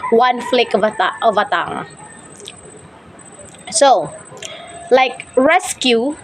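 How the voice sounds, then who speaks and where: A woman with a fairly high voice teaches English, slowing down to sound out each syllable of a word. She restarts often and leans on filler words as she explains. Faint noise hums behind her. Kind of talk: explaining a lesson.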